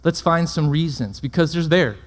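With lively intonation and a moderate pace, a high-pitched male preacher links one rhetorical question to the next while checking his listeners keep up. The sound rings with long reverb, suggesting a large hall.

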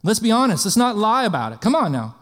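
Man, preacher, sermon, fairly high voice, energetic, conversational, asks the audience questions. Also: quick pace.

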